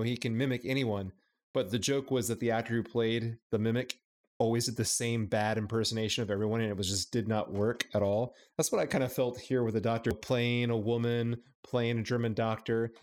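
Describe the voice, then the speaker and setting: A man's voice: mid-range voice, darkish tone. A man co-hosting a podcast in casual chat, thinking aloud and rambling with restarts. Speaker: podcast co-host.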